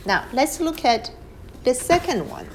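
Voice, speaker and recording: Slow patient woman teaching characters. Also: high-pitched, very animated, background noise. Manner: patient, explains step by step, models tones aloud. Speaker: Chinese language teacher. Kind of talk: slow whiteboard lesson narration. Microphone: phone screen recording.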